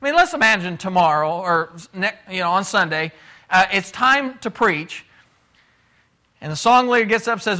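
A man's voice: high-pitched, very animated, normal speed, bright, forceful tone. A middle-aged man teaching a casual Bible class lesson, talking conversationally and putting questions to the class.

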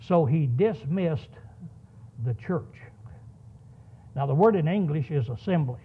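High, lively-voiced male preacher on tinny audio. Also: slow, breathy edge. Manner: storytelling with rhetorical questions. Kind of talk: sermon. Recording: tinny phone-like sound.

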